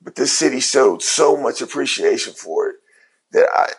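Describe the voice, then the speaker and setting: A middle-aged man from Ohio spins a casual story, full of slang and acted-out dialogue. His voice is gravelly and husky. The pitch sits in a middle range for a man. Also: moderate pace. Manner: animated retelling with quoted dialogue, slangy. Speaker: guest, former pro basketball player.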